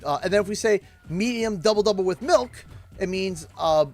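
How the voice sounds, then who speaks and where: A man with a Canadian accent, hosting a livestream and telling a casual story in an animated, exasperated way. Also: sits high, normal speed. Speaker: livestream host. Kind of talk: casual storytelling while streaming.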